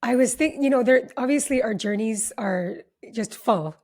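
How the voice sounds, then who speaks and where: A woman's voice: a little high, normal speed, a little mellow. A woman speaking as a guest on a podcast, effusive and grateful, often using fillers as she talks. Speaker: guest, founder of a relationship summit. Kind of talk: casual podcast interview.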